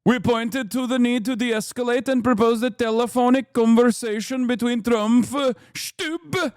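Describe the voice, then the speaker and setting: A man's voice: very high-pitched, smooth, dry recording, studio quality, voice pushed up. A man putting on a stiff Norwegian-accented prime minister. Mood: formal. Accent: put-on Norwegian. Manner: slow, stiff, sing-song formal reading. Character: middle-aged male Norwegian prime minister reading a formal statement.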